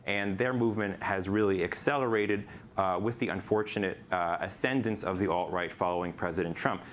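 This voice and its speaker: A man, a guest author and lecturer, answering interview questions in a measured, academic way with frequent fillers. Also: on the low side, a little hiss or hum.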